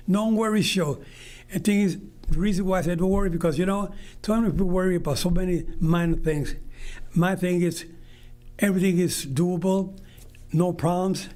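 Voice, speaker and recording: An older man hosts a radio talk show on his own, speaking from the studio. His voice sits somewhat high for a man, and he talks in an earnest, rambling way, giving the listeners a gentle pep talk. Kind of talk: solo talk show monologue.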